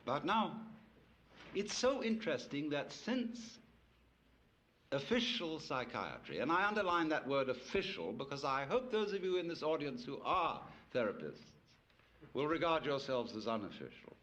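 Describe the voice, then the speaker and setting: A man's voice: fairly high pitch, very animated, moderate pace, a bit bright, a little hiss or hum. A man giving a public lecture to an audience, telling stories with wry, playful asides.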